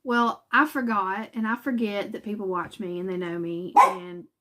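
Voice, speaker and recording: A woman's voice: medium pitch, expressive, moderate pace, fairly bright tone. A woman from West Virginia hosting a cross-stitch channel in casual chat from home, talking in a chatty, self-conscious way with fillers and laughs.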